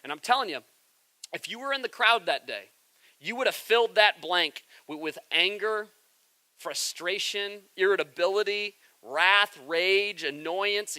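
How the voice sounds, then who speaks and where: A man preaching a sermon in a church, stumbling over repeated words as he builds up and loudly acting out crowd voices. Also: sits high, dry recording, rough recording. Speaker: pastor.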